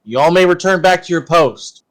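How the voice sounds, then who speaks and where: A man playing a commanding male leader, giving loud, clipped orders to a squad of guards in a tabletop game. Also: high voice, moderate pace, pitched above the performer's own voice, lightly acted.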